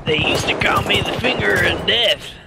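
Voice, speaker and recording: A man's voice: high voice, moderate pace, gravelly, loud music behind the voice, pitched below the performer's own voice. A man putting on the voice of a boastful old western gunslinger who brags about his past. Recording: loud gunfire game audio behind.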